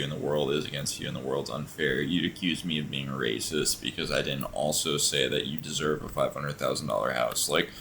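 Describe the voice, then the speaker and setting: A man's voice: rumbling low, creaky, a bit bright, slight background noise. Exasperated man reacting to a clip. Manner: exasperated, sarcastic, swears often. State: tired. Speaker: reaction video host.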